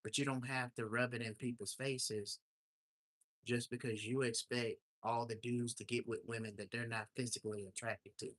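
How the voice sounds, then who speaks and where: Guy ranting on his livestream, bright edgy voice, dry close mic. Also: mid-range voice, level tone, moderate pace, no echo. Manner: ranting, indignant storytelling. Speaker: livestream host. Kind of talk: casual livestream talk. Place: home in Alaska.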